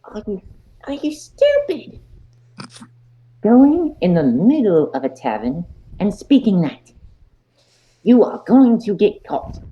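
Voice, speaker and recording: A man's voice: sits high, huge pitch swings, takes it slowly, long pauses, mellow, highs cut off, pitched above the performer's own voice, full character voice. A man voicing a world-weary male informant who scolds and sighs impatiently at a reckless friend. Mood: scolding.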